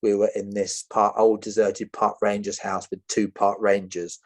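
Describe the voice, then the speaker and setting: A man with a fairly low voice tells a wild story as a podcast guest. He is animated and quick to laugh, and he slips into other people's voices as he talks. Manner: lively, acting out voices, laughing.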